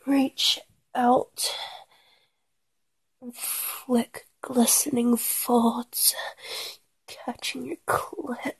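A woman in a whispered role-play, speaking in a breathy, pleading whisper broken by soft sighs. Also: high voice, no echo. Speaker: erotic audio performer.

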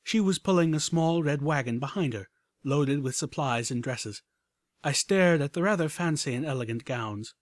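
A man reading a story aloud as an audiobook narrator, measured and even. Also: medium pitch, no room sound. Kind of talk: scripted narration.

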